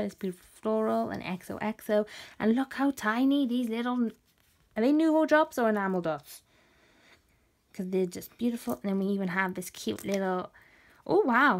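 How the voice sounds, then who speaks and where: Gushing woman unboxing craft mail. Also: medium pitch. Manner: gushing, gasping with delight. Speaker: craft vlogger. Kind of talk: casual unboxing chat.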